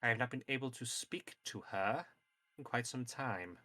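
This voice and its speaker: A secretive female kenku, as a man puts her on, speaks in stiff, clipped phrases with a mid-pitched voice. She sounds defiant and guarded, a bird-person from a tabletop fantasy game. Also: moderate pace, pushed and bright, lightly acted.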